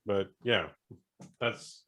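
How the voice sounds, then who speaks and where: Man, casual chat, low voice, easygoing, joking. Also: drawn-out words, fairly bright tone. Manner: easygoing, joking, self-deprecating. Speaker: podcast co-host.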